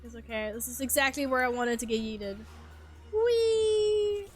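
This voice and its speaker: Young woman gaming on stream, kinda high voice, playful and jokey, swears a bit, faint music behind. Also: steady tone, fast, a bit bright. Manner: chatty, playful and self-mocking, laughs and swears casually. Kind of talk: casual live-stream chat while gaming.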